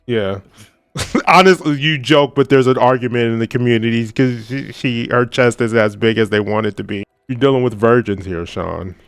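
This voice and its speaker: A man's voice: mid-range voice, moderate pace, smooth, no room sound, clean studio sound. A man co-hosting a casual reaction video, joking, laughing often and swearing casually. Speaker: co-host reacting to a show.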